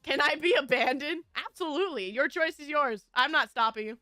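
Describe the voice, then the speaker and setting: Giggly woman streamer, high bright voice, casual chat, faint music behind. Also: fairly quick, hardly any pauses, no room sound, clean studio sound. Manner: giggly, laughs often. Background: faint background music.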